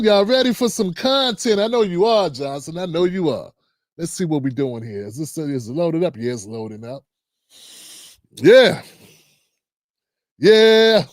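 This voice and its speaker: A man's voice: fairly high pitch, no room sound, studio quality. A middle-aged man hosting a casual political talk show, riffing loosely and playfully with slang and asides to his audience. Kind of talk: casual livestream commentary.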